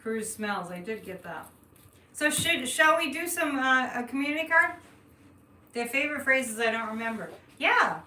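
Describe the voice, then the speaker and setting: A woman's voice: sits high, lively intonation, normal speed, bright, forceful tone. Chatty psychic woman in echoey room. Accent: light Boston. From Boston area. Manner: chatty, laughs often, thinks aloud. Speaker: psychic reading cards on a livestream. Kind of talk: live-stream chat with viewers. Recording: echoey room, distant mic, faint noise.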